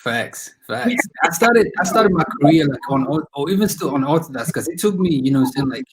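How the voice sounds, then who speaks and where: A young Cameroonian man with a Cameroonian accent, a musician and podcast host, chats in a laid-back way as an interview guest, filling his talk with "you know what I mean." His voice is on the high side, animated and a little fast, recorded roughly over a noisy crowd.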